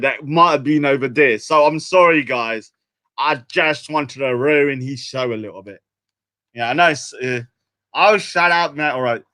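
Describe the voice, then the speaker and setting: Man, young, British accent, casual livestream chat, rambling, self-deprecating, bright tone. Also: fairly high pitch. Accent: British English. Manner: rambling, self-mocking, chatty. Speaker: livestream host.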